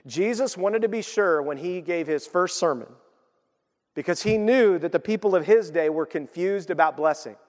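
Animated high-voiced male preacher, reverberant hall. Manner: animated storytelling, acts out quoted voices. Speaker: pastor. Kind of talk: sermon.

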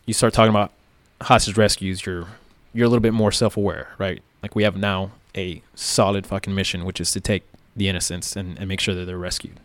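Man, police officer, casual recollection, fillers, somewhat low voice, dry close sound. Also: little pitch movement, fairly quick, no echo. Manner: plain-spoken, many fillers like "like" and "right?", occasional swearing.

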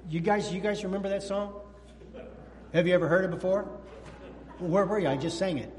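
A pastor in his sixties giving a lively, joking sermon, whooping and breaking into song. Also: sits high, a little fast, big-room sound. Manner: animated, jokey preaching with whoops and sung bits.

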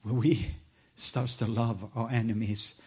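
A man's voice: fairly low pitch, little pitch movement, a little slow, husky. Middle-aged man preaching a story. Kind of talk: sermon storytelling.

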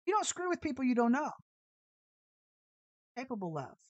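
A brash woman preaches in a loose, storytelling style, leaning hard on her words with plenty of sass. Her voice sits a little high, and the sound is dry and close with no room around it. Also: sing-song, moderate pace, no echo, highs cut off. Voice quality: brash, sassy, emphatic. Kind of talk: informal online sermon with storytelling.

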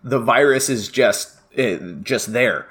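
A middle-aged man talks as a podcast guest, a chatty professor who tells stories and often breaks into laughter. His voice sits at an ordinary, middle pitch. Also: takes it slowly, fairly bright tone. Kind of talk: casual podcast chat.

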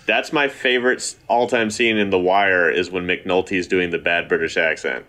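A man's voice: deep voice, fairly even intonation, normal speed, bright, forceful tone. A man co-hosting a podcast, joking around and swearing casually. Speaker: podcast co-host. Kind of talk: casual chat.

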